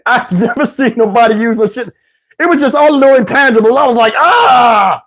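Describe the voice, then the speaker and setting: A middle-aged man telling a comic story, animated, with loud outbursts while acting out quotes. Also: very high-pitched, fast. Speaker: comedian. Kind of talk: stand-up storytelling.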